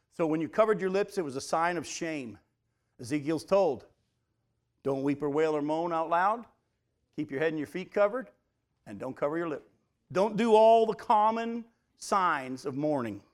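A man preaching a Bible study sermon, talking conversationally and asking his listeners questions as he reads scripture aloud. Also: on the high side. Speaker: pastor. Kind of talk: teaching sermon.

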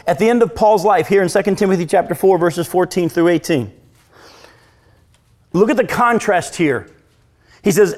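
A man preaching a sermon, moving from hushed, slow retellings to loud, pointed questions for the congregation. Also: high voice. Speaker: pastor.

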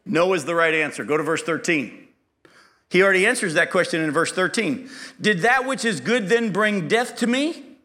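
A man's voice: sits high, normal speed. A man teaching an interactive Bible lesson, quizzing his class and acting out the people he quotes. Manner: lively, quizzes the class and acts out quoted speech.

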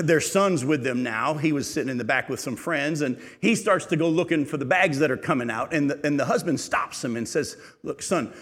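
A middle-aged male preacher telling a lively, humorous story from the pulpit, often laughing as he goes. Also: fairly high pitch. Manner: animated storytelling, laughing at his own story. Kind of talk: sermon storytelling.

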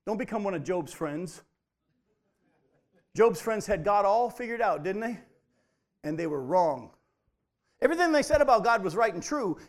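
A man preaching a sermon, animated and emphatic, often stressing his points by repeating them. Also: high voice. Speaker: pastor.

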